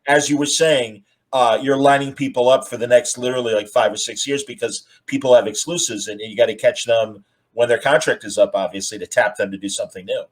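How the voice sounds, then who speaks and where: A man's voice: medium pitch, steady tone, brisk, few pauses, low-quality recording. A man hosting a casual video-call interview, rambling with many fillers. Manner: friendly, rambling, lots of fillers. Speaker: host.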